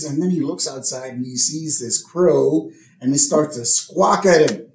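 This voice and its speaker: A man's voice: fairly high pitch, measured pace, darkish tone, roomy sound. A man co-hosting a podcast, casually retelling a cartoon episode and backing his co-host with frequent "uh-huh"s. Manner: frequent "uh-huh" and "mm-hmm" backchannels.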